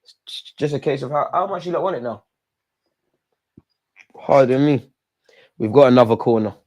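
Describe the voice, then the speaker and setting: A young man hosting a live football watch-along, talking at the players on screen and yelling at big moments. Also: mid-range voice, normal speed. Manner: excitable, talks to the players on screen; shouts and yells at goals and chances.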